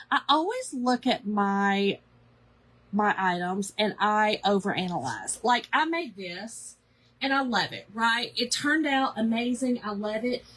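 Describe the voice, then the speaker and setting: A woman's voice: on the high side, bright, forceful tone, husky. A woman hosting a casual craft livestream, chatting in a rambling way, greeting viewers by name and poking fun at herself.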